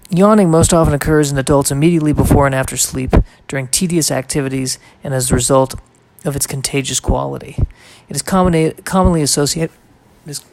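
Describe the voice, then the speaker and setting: A man's voice: on the high side, a little fast, creaky, a little mellow. A man hosting a solo podcast, reading aloud and drifting into wry, rambling asides in a casual way. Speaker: podcast host.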